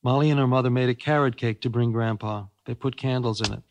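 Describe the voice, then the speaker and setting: An older man reading his own children's book aloud, with expressive storytelling. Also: medium pitch, fast, no echo. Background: music.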